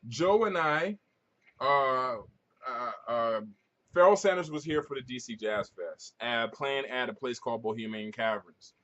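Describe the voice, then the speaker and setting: A man, a record-collecting vlogger, telling stories to camera at home in an animated, profane way with frequent restarts. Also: medium pitch, a little slow, muffled recording. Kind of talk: casual storytelling to camera.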